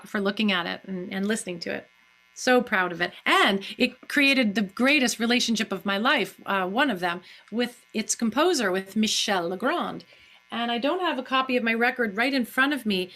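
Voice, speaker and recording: Effusive, chatty actress. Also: female voice, medium pitch, sharp tone. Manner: chatty, effusive, many fillers. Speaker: guest actress. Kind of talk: live-streamed Q&A.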